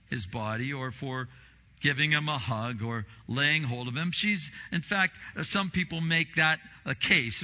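Male pastor, bright edgy voice, animated sermon delivery, slightly dull recording. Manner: animated preaching, acts out quoted voices with big swings in pitch and volume.

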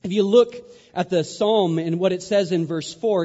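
A man giving a sermon, telling a story with lively acted-out voices. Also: sits high, unhurried, few pauses. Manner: animated storyteller, acts out voices. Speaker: pastor. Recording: dull sound in a reverberant hall.

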